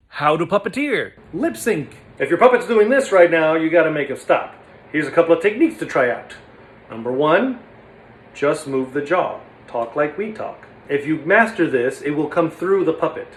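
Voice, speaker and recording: A man teaching puppetry in a casual, energetic, demonstrative way. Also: on the high side, moderate pace, roomy sound, slight background noise. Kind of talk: casual instructional talk.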